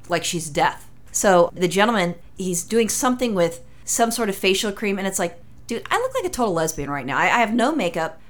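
A woman co-hosting a podcast in casual chat, chatty and blunt, swearing freely. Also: lowish voice. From Italian heritage. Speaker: podcast co-host.

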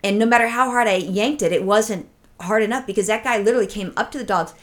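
A woman co-hosts a podcast and tells a story with casual, swearing excitement. She acts out her own reactions as she goes, in a voice of ordinary pitch for a woman. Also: fast. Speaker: podcast co-host.

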